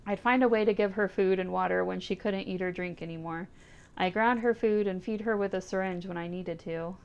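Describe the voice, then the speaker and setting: A woman reading aloud as a grieving woman saying goodbye to her old cat, in a soft, tender, pleading way. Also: medium pitch, fairly quick, gravelly, clean tone, highs cut off, natural voice. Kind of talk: reading visual novel text aloud.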